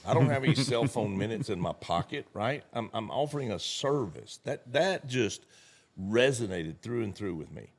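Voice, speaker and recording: A middle-aged man with a drawl and a somewhat low voice holds the floor in a relaxed conversation. He tells folksy anecdotes and slips into the voices of the people in them. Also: moderate pace. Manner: folksy, animated storyteller acting out quotes. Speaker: network marketing leader, guest speaker. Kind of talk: casual storytelling conversation.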